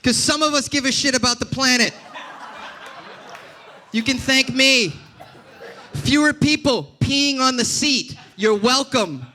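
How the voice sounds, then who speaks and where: Male comic in his 30s, sarcastic ranter, high bright voice. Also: a little slow, pauses often. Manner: sarcastic, ranting, talks back to the crowd. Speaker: stand-up comedian. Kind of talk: stand-up comedy set. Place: comedy club stage.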